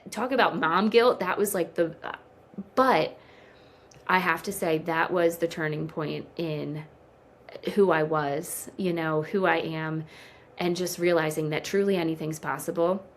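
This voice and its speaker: A woman in her thirties with a lower-pitched voice shares a personal story as a podcast guest. She talks with strong feeling and acts out the dialogue as she goes. A faint hiss of background noise sits under the recording. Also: measured pace. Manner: emotional, animated storyteller who acts out quoted dialogue. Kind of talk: interview storytelling.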